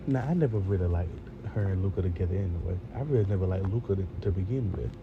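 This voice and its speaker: Man, casual chatty reviewer, talks to viewers, creaky voice, noisy background. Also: low-pitched, fast, phone-quality sound. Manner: talks straight to viewers, rambling and conversational. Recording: steady background noise.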